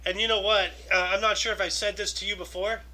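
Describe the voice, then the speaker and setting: High, very bright man chatting loosely. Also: little pitch movement, fast talker, rough recording. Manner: rambling, loose, many "you know"s. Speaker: co-host. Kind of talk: casual chat reading history events.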